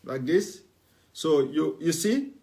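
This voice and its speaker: A man's voice: fairly high pitch, lively intonation, slow pace, mellow. A man giving a repetitive, instructive demonstration to viewers in a live broadcast. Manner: repetitive, instructive, plain spoken.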